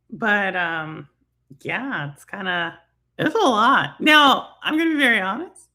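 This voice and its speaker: A woman's voice: mid-range voice, lively intonation, moderate pace, gravelly, pushed and bright. A middle-aged woman from Texas with a Texan accent, hosting a casual gaming talk stream and rambling with lots of fillers and laughs. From Houston, Texas. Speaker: livestream host.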